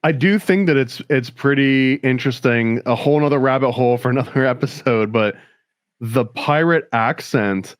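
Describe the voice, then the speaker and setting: Brief: young male podcast co-host, mid-pitched, enthusiastic, dry close mic. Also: normal speed, dry recording. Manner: enthusiastic, fills with "like" and "um". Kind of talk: casual chat.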